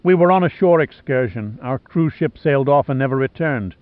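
A frightened, stranded woman who pleads in a soft voice, as a man reads her part. The sound is thin and phone-like. It is dry, with no room in it. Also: mid-range voice, expressive, a little fast, no room sound, natural voice. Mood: desperate.

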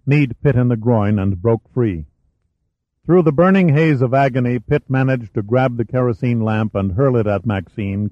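A man reading a thriller audiobook in a steady, measured storytelling manner. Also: mid-range voice, no room sound. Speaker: audiobook narrator. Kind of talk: scripted thriller narration. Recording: dry, slightly muffled studio recording.

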